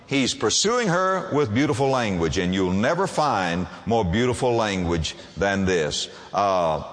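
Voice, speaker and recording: Emphatic preacher with a lively voice. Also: male voice, on the low side, measured pace, big-room sound. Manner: emphatic, asks the congregation rhetorical questions. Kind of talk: sermon.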